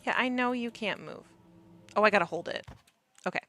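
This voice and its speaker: A woman's voice: medium pitch, brisk, pushed and bright. A woman streaming a video game, chatting casually with self-mocking asides. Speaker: gaming streamer. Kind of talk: casual gameplay commentary.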